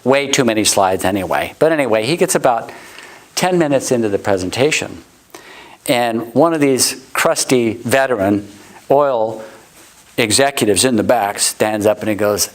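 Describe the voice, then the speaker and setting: A middle-aged man giving a sales training talk, acting out customer quotes in high voices. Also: animated, moderate pace, low-quality recording. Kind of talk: motivational sales talk to a live audience. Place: warm indoor room.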